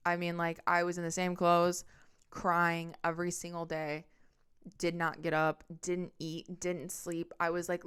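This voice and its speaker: A young woman hosts her own podcast and tells a personal breakup story in a storytime monologue. Her voice is smooth and sits a little low for a woman. She talks with strong emphasis, swears freely and acts out the lines other people said. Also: fairly bright tone. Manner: acts out quotes and horn sounds. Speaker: podcast host.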